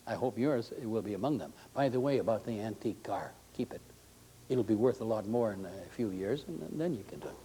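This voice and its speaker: A man's voice: medium pitch, fairly quick, slightly rough, poor audio. A man giving an inspirational talk to a faith gathering, folksy and joking with his listeners. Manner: folksy, joking, warmly conversational.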